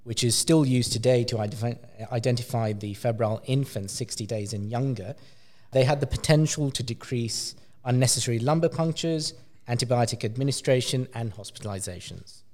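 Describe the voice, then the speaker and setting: Animated male pediatrician explaining. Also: mid-range voice, a little fast. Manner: animated, explanatory, with frequent fillers. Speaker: pediatric clinician discussing a research paper. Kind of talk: explaining in a recorded journal club discussion.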